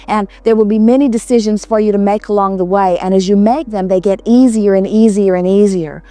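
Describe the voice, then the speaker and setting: Calm reassuring woman speaking as "we". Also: mid-range voice, fairly quick, hardly any pauses, dry recording. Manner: speaks as a collective "we", calm and reassuring, with repeated phrases. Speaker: seminar speaker answering audience questions. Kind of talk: inspirational talk to a live audience.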